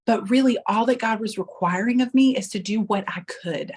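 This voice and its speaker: A woman's voice: on the high side, fairly quick, a little mellow, breathy edge. A middle-aged woman giving a casual motivational talk as a sales director, chatty and earnest, often calling her listeners "you guys.".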